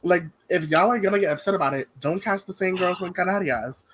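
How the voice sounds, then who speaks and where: A man's voice: sits high, brisk, a bit bright, slight background noise. A man co-hosting a casual podcast, chatty and hesitant, with frequent fillers. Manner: hesitant, lots of ums, chatty. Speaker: podcast co-host.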